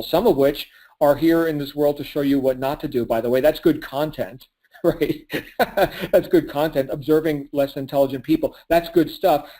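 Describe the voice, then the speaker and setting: Male business coach, slightly high voice, preachy pep-talk delivery on a call. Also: warm tone, low-quality recording. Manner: emphatic, preachy, laughs at his own points.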